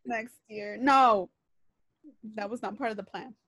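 A young woman chatting casually with a friend and giving relaxed, quick replies. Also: medium pitch, no echo. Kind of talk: casual chat.

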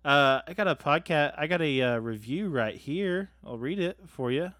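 In clean studio sound with no echo, a man co-hosting a comedy podcast recaps an episode in a casual, joking way, using lots of fillers. He has a fairly high, somewhat bright voice and speaks animatedly at normal speed.

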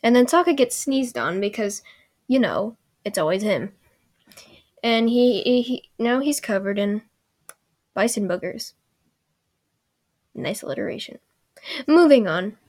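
A woman's voice: a little high, animated, a little slow, long pauses, darkish tone. Sarcastic woman recapping an episode. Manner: sarcastic, rambling asides.

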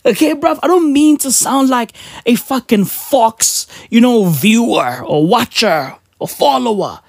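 A woman's voice: fairly high pitch, animated, measured pace, no echo, studio quality. A woman ranting on a podcast in casual, profane, slangy talk, emphatic and mocking.

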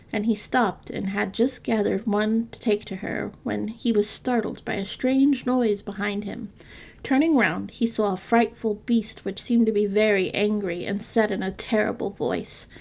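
A woman narrating a classic fairytale in a calm, measured storytelling reading. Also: medium pitch, vocal fry.

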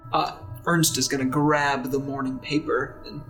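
A man's voice: mid-range voice, flat delivery, a little slow, a bit bright, soft background music, poor audio. A man playing in a tabletop role-play, joking and then reading a notice aloud. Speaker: player.

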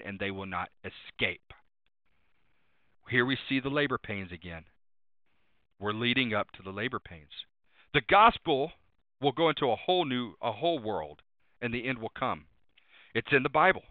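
A male preacher delivers a sermon with emphatic repetition, circling back to the same refrain and reading out scripture references. His voice comes through thin and tinny, like a phone line, in a dry space with no room echo. He sits at a middle pitch for a man. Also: lively intonation, normal speed, long pauses. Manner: emphatic, repeats refrains and cites verses.

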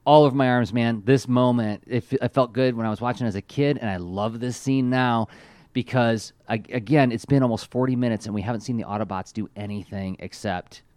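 A man's voice: medium pitch, a little fast, a little mellow, no room sound. A man co-hosting a casual podcast, talking with enthusiasm and lots of fillers as he reviews a cartoon. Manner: enthusiastic, rambling, many fillers. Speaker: podcast co-host.

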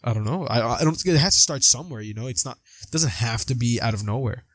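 A young man chatting casually about a film on a podcast, animated, acting out quotes from scenes. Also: medium pitch, no echo. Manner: animated, acts out lines with quick voice jumps. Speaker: podcast co-host. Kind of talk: casual movie discussion.

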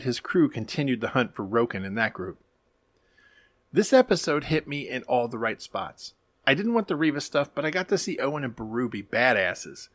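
A man co-hosting a podcast, giving a casual, animated recap with wry asides and casual swearing. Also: medium pitch, no echo. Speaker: podcast co-host.

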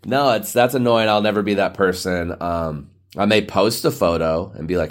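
A man in his thirties hosting a solo podcast, rambling loosely with lots of filler words and a rough morning voice. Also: low voice, moderate pace, few pauses. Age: 30s. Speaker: podcast host. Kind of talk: casual solo podcast rant.

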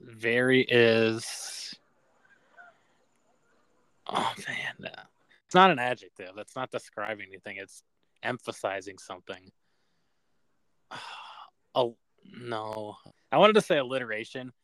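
A man's voice: mid-range voice, slow, pauses often, fairly bright tone, clear, resonant tone, dry recording. A young man co-hosting a podcast, chatting casually, swearing often and laughing at himself. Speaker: podcast co-host. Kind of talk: casual chat.

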